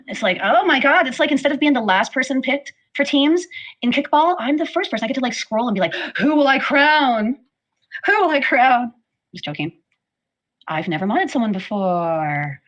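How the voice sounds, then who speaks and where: A woman with a fairly high voice chats fast on her livestream. She rambles, apologizes again and again and fills her talk with likes and ums. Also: fairly bright tone, dull audio. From Canada. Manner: rambling, apologetic, filler-heavy. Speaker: livestream host. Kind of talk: casual livestream chat.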